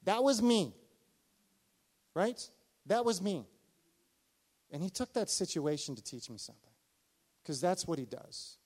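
A middle-aged male pastor preaching a sermon, telling a personal story with animated delivery and acted-out dialogue. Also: high voice, unhurried, long pauses, husky.

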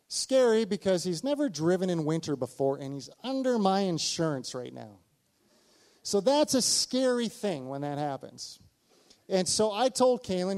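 Animated man preaching a personal story. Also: high-pitched. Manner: animated storytelling, acts out dialogue. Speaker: pastor.

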